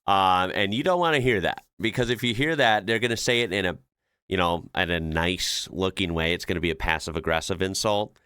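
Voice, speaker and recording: This reaction-video host, a man from the United States, talks casually and laughs often, leaning heavily on fillers as he explains. He speaks briskly in a low-pitched, sharp, smooth voice. The recording is dry and studio-clean.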